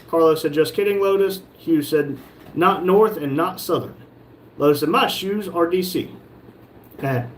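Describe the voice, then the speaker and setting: In this casual live chat, a fairly high-pitched man hosts a stream from his shop, reading out what viewers write and firing jokes back. There's slight background noise.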